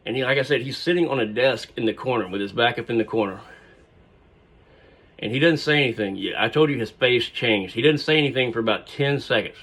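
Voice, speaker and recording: A man of middle pitch tells a personal story in a loose, conversational way. He wanders into side remarks and fills his pauses with "uh" and "um". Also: expressive, fairly bright tone. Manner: rambling, digressive, with fillers. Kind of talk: casual spoken storytelling.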